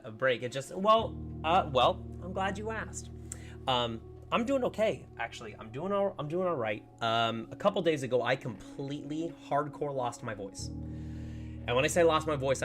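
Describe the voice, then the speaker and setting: Man, gaming livestreamer, casual chat, middle-pitched voice, talks to his dogs, at home, faint background music. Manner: chatty, greets viewers and talks to his dogs. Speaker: livestreaming gamer.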